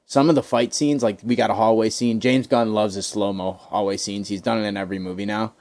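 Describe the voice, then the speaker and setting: A man co-hosting a podcast, rambling and swearing casually as he retells favorite movie scenes in animated bursts. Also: lowish voice, brisk. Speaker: podcast co-host.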